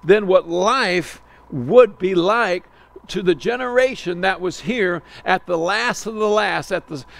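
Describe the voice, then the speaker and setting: A man with a raised, gravelly voice preaches an expository sermon. He works through a verse slowly and deliberately, drawing out the words he wants to stress and often restarting a phrase before going on. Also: high-pitched, a bit bright. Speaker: pastor.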